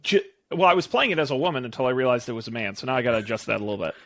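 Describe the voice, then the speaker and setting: Animated, teasing male podcast co-host. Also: mid-range voice. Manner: teasing, quick asides. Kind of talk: casual game playthrough chat.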